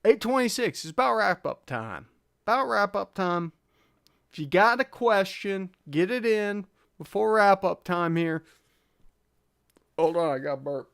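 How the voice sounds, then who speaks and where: A man chats easily on a live stream, answering viewer questions in a relaxed, rambling way and chuckling often. His voice sits a bit high for a man. The sound is close and dry, with no room echo. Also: a little slow, vocal fry, long pauses, smooth. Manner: laid-back, chuckling often, reads chat aloud. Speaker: host of a live car tuning stream. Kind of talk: casual live stream chat.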